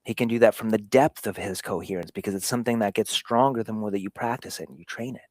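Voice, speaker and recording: A man hosting a show, giving an earnest motivational talk on fatherhood, swinging between hushed and emphatic delivery. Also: fairly low pitch, fast, no echo. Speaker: show host.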